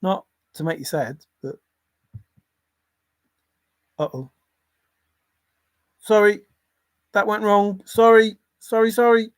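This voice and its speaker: A man's voice: sits high, expressive, slow pace, pauses often, clean tone, dry recording. A man hosting a casual livestream, rambling between topics, often chuckling and apologizing. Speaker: livestream host.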